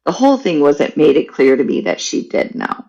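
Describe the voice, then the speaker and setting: A woman shares a personal family story in a candid, animated way. Her voice is heavily gravelly and husky, and her pitch rises and falls a lot. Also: brisk, lo-fi sound. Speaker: podcast guest.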